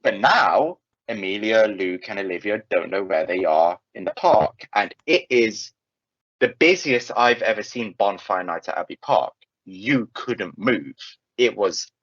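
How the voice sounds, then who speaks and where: Young guy, lively storyteller who swears a lot; dull lo-fi, dry recording. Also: on the low side, slow, no echo. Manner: animated, swears freely, lots of restarts. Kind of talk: casual anecdote telling.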